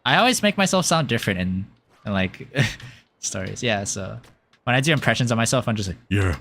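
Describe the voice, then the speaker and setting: Male streamer, casual chat during gameplay; rambling and giggly, with a bright voice. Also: mid-range voice, expressive, fairly quick, vocal fry, slight background noise. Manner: rambling and giggly, with many fillers. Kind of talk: casual chat while playing a game.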